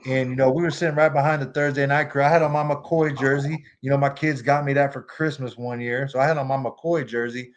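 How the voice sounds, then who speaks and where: A man speaks at a middling pitch in a loose, laid-back storytelling voice. He rambles and circles back, peppering his talk with easy fillers as he chats on a podcast call. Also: slight background noise. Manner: laid-back, rambling, lots of "you know what I mean". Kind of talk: casual storytelling. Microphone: remote call mic.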